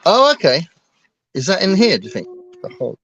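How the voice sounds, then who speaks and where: A man's voice: high-pitched, wildly swooping pitch, normal speed, creaky, fairly bright tone, slightly rough, muffled recording. A man co-hosting a casual book livestream, talking hesitantly with lots of ums and restarts. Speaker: book channel co-host.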